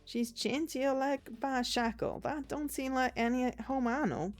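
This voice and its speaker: A woman's voice: on the high side, animated, moderate pace, darkish tone, faint music behind. A woman voicing a folksy, smug big male bartender spirit in a put-on, exaggerated American drawl, calling people little lady and sweetie while reading a visual novel aloud. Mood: amused.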